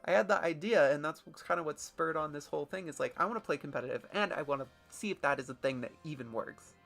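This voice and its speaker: A woman with a notably low speaking voice rambles through live gameplay commentary, loose and self-deprecating, with casual swearing. Soft music sits faintly underneath her. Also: fast, creaky. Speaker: let's play streamer.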